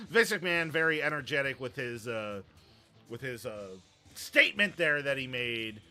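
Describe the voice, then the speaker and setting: A man's voice: medium pitch, lively intonation, moderate pace, bright, forceful tone, soft background music. A man hosting a wrestling show, chatting casually about the news and giving his opinions, with a rambling manner and many fillers.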